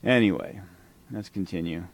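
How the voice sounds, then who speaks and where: A man's voice: low voice, moderate pace. A man hosting a podcast, reacting to a played talk with heated, profane, sarcastic commentary. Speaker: podcast host.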